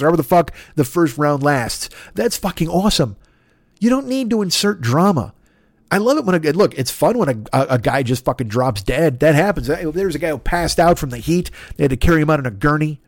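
A man's voice: a little high, no room sound, studio quality. A man hosting a podcast, ranting in a casual comic way, swearing often and sounding exasperated. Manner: profane, exasperated, emphatic. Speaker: podcast host. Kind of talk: casual comedic rant.

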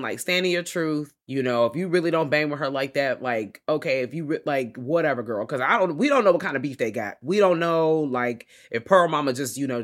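A woman's voice: a bass voice, a bit bright. A woman chats through a film with her co-host in a loose, casual way. She swears easily. She slips into acted-out reactions as she goes. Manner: chatty, profane, acts out quoted reactions. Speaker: podcast co-host.

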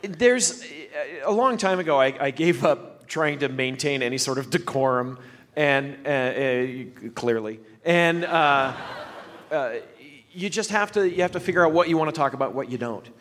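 Excitable man with a high voice. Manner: excitable, laughing, halting restarts. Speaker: science guest. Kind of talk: casual podcast chat. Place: live stage before audience.

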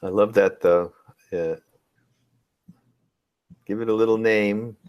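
Low-voiced reflective male host. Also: fairly even intonation, dry recording, dull audio. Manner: reflective, unhurried, searching for words. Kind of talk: webinar Q&A conversation.

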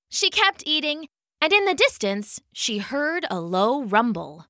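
A woman narrating a children's story in an expressive, unhurried reading. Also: high voice, dry recording, clean studio sound.

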